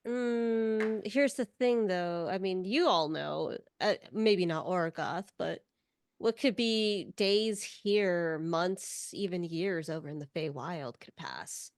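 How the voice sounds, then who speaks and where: A woman's voice: on the low side, slow pace, no echo. A woman playing a tabletop role-playing game, talking in a coy, evasive way. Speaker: player. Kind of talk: in-character tabletop play.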